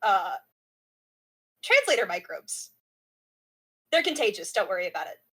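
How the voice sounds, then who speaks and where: A woman's voice: mid-range voice, big pitch swings, a little slow, bright, forceful tone, husky, pitched below the performer's own voice, heavily acted. A woman voicing a cheerful, toothy alien refugee in improvised tabletop role-play, breezy and fumbling for words. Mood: casual.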